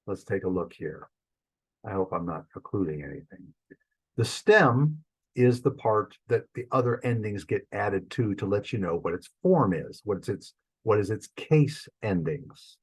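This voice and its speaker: Male teacher, low and husky, patient explainer with plenty of ums, casual online lesson. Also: rough recording. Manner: patient, explanatory, thinks aloud with frequent fillers. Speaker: church Greek teacher. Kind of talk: recorded online lesson with screen sharing.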